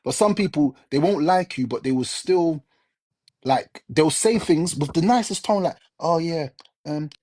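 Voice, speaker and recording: A man's voice: on the high side, expressive, moderate pace, mellow, husky. A man with a Jamaican accent hosting a live chat, talking in an emphatic, repetitive, lecturing way. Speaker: live stream host. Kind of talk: casual chat.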